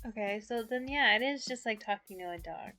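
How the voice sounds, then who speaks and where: A young woman streamer speaks briskly in a fairly high, sharp-toned voice, chatting casually and giggling often between sentences. She's close on the mic, and soft music plays in the background.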